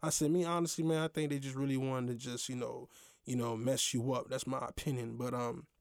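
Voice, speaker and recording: Hosting his own show, a young man shares a personal story casually, animated and slangy, filling it with fillers. His mid-range voice is smooth and a little fast, in a dry recording with clean studio sound.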